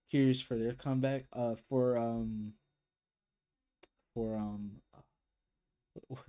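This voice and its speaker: A man talks casually to his viewers at the end of a livestream. His voice sits at an ordinary middle pitch. He rambles and restarts his sentences often. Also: warm tone. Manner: rambling, with many fillers and restarts. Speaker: K-pop reaction streamer.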